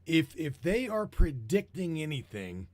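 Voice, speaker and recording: A man hosting a broadcast, talking in a heated, profane, rambling way and repeating himself, his voice getting hoarse. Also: a little high, sing-song, measured pace, a little mellow, no echo. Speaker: broadcast host. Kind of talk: rambling conspiracy talk show.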